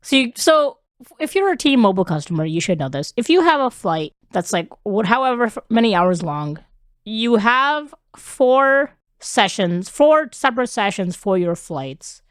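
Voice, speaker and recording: A woman's voice: on the high side, sing-song, unhurried, clear, resonant tone, no room sound, studio quality. A young woman co-hosting a podcast, playful and giggly in casual chat. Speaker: podcast co-host.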